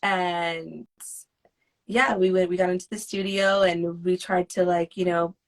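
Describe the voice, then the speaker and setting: A young woman, a singer, chatting casually in an interview and acting out the people she quotes. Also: a little slow. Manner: animated, acts out quoted phone calls with high excited voices. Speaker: guest singer.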